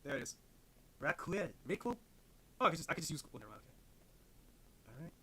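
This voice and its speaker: A man's voice: fairly high pitch, sing-song, fast talker, sharp tone, breathy edge. Profane rambling male streamer. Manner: rambling and profane, thinking aloud. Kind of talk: casual live-stream chat. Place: home desk. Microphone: desk mic set farther away than usual, at an odd angle.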